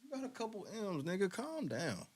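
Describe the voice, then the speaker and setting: A man's voice: sits high, wildly swooping pitch, normal speed, husky. A man hosting a podcast, reacting to a clip with blunt, profane, mocking commentary. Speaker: podcast host. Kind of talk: casual commentary.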